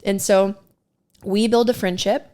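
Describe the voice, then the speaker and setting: A woman's voice: mid-range voice, steady tone, unhurried, mellow. A woman co-hosting a podcast, telling a personal story in a candid, self-deprecating way and laughing often. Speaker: podcast co-host. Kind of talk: casual storytelling.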